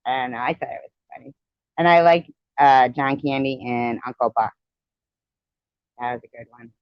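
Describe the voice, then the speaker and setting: A woman's voice: extremely low pitch, moderate pace, smooth, no echo. Rambling woman on a dull lo-fi live stream. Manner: rambling, chatty movie reminiscing. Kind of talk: casual chat.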